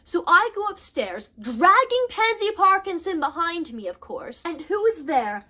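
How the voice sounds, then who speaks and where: A young adult woman telling a personal story in a storytime vlog, animated and dramatic in her retelling. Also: very high voice, measured pace. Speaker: storytime vlogger.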